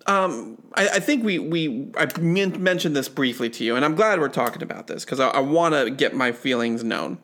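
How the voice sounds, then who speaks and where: A man's voice: on the high side, lively intonation, normal speed, hardly any pauses, fairly bright tone. A man co-hosting a casual movie chat, talking in rambling, stammering bursts full of fillers. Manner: chatty, stammering restarts, lots of fillers. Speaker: podcast co-host.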